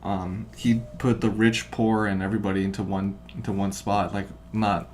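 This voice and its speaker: A man co-hosting a podcast in casual chat, rambling and swearing, getting loud when he retells what people said. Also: fairly low pitch, little pitch movement, normal speed, slight background noise. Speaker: podcast co-host.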